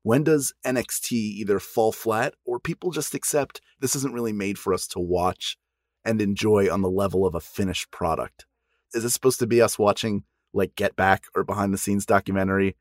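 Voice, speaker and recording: A man's voice: lowish voice, fairly even intonation, moderate pace, no room sound, studio quality. A man hosting a podcast in casual chat, musing aloud and asking questions. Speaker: podcast host.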